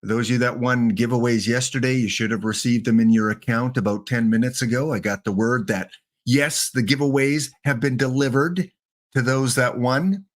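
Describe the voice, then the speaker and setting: A man's voice: medium pitch, moderate pace. Rambling, playful male livestream host. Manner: rambling, playful, talks to chat. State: a bit winded. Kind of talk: casual livestream chat.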